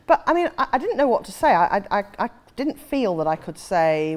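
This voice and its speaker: A woman's voice: medium pitch, sing-song, brisk, few pauses, darkish tone. A woman in her forties, an author, telling a self-mocking anecdote with frequent laughter. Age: 40s. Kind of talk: anecdotal storytelling.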